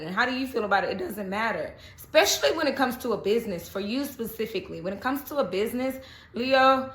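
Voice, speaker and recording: A woman's voice: mid-range voice, a bit bright. A woman giving a casual spoken tarot reading, chatty and reassuring, often checking in with "okay?". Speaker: tarot reader. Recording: echoey room.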